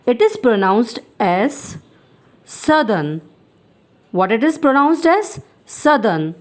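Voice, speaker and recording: A woman's voice: on the high side, sing-song, slow pace. A woman teaching English pronunciation, repeating words and quizzing her viewers with questions. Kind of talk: pronunciation lesson.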